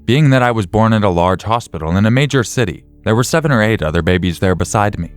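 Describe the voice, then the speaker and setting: Man, deep voice, horror story narration, measured, faint music behind. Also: animated.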